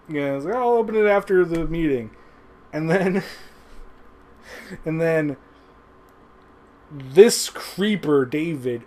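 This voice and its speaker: A man giving a casual, rambling review of an old TV episode into a webcam, swearing often and chuckling as he goes. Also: on the high side. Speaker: show reviewer. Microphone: webcam recording.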